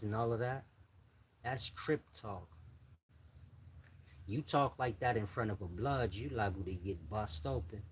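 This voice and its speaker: An older man, speaking bluntly in street slang to his viewers in a casual monologue. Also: medium pitch. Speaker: channel host giving advice. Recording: faint insect and cricket noise. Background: crickets and insects faintly.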